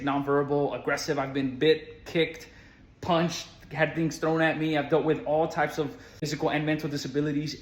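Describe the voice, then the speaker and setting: Man telling a story in a roomy space. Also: medium pitch. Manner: conversational, earnest retelling with casual fillers. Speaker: school support staff. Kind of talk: storytelling monologue. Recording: roomy echo.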